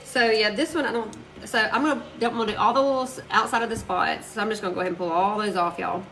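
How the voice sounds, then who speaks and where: On a phone live stream, a woman crafts while chatting to her viewers and telling rambling stories, addressing them as "y'all." Her mid-range voice is quick and a bit bright, with poor audio and slight background noise.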